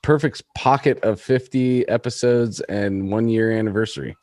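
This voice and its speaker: A man's voice: on the low side, moderate pace, darkish tone, no echo. A young man with a Californian accent hosting a metal podcast in casual chat, rambling and enthusiastic, full of fillers and swearing. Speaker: podcast host.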